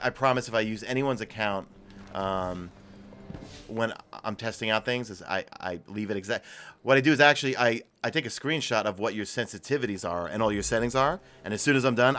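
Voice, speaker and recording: A man's voice: on the low side, fairly bright tone. A man with a New York accent streaming a video game live, chatting casually and answering viewer questions while he plays. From New York City. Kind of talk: live gameplay commentary.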